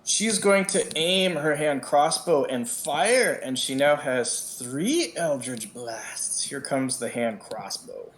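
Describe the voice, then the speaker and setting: A man playing a tabletop game, planning his character's turn slowly and deliberately. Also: fairly high pitch, animated, a bit bright, a little hiss or hum. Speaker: player.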